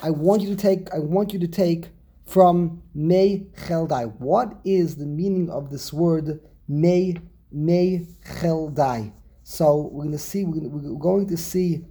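Dark, husky-voiced man teaching a Torah class. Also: a little high, slow. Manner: repeats and restarts words while explaining.

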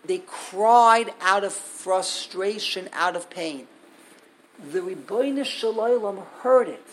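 A man teaching a Torah class in an emphatic way, repeating key words and building to loud peaks. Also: high voice, takes it slowly, a little hiss or hum, rough recording.

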